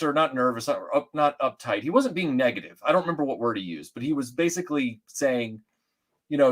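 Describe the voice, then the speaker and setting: A middle-aged Atlanta man, appearing as a guest in a casual chat, tells stories in a rambling, animated way full of restarts and fillers. His voice runs on the high side and he talks fast.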